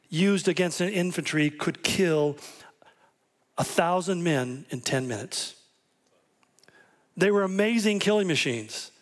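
A man preaching a sermon, telling stories and acting out quoted voices with animation. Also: high voice. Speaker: pastor.

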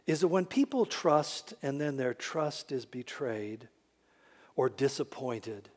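A man's voice: medium pitch, slow pace. A man preaching a sermon as a pastor, telling stories with dry humor and acting out the voices of people he quotes. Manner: animated storyteller who acts out quoted voices with dry humor.

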